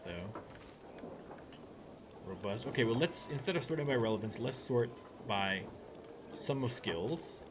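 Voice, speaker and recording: A man with a lowish voice gives casual commentary while he plays a strategy game. He muses aloud and often starts sentences over. There is clear noise behind him in the recording. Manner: musing aloud, chatty with frequent restarts. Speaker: let's play streamer. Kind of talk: gameplay commentary.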